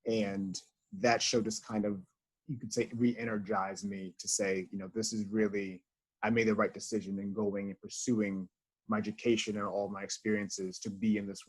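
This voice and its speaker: A man's voice: fairly low pitch, little pitch movement, moderate pace, husky. A man talking earnestly on a video call as a theater house manager, reflecting with many fillers. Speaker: associate house manager, guest.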